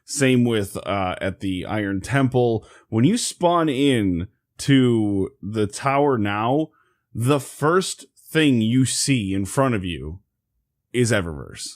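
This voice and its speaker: A man with a mid-range voice chats on a gaming podcast. He speaks earnestly, pausing often and filling gaps with "uh" and "um." The audio is dry and close. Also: medium pitch, expressive, no room sound. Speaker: podcast co-host. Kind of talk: casual gaming podcast chat.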